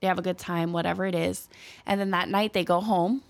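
A woman's voice: fairly low pitch, fairly quick, creaky. A young woman from Southern California co-hosting a podcast, telling a story in casual chat and breaking into playful voices when she quotes people. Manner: chatty, animated, jumps into playful voices when quoting people. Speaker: podcast co-host.

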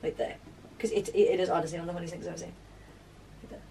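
A woman's voice: fairly low pitch, level tone, rapid-fire, gravelly, dark tone, distant mic, a little hiss or hum. A woman co-hosting a podcast in casual chat, chatty and full of "like" fillers. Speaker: podcast co-host.

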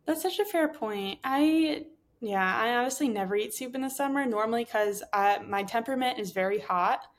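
A woman hosting a podcast interview, her voice hoarse and giving out, chatty and full of strong opinions. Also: on the high side, normal speed. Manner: chatty, opinionated hot takes. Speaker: podcast host. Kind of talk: casual interview chat.

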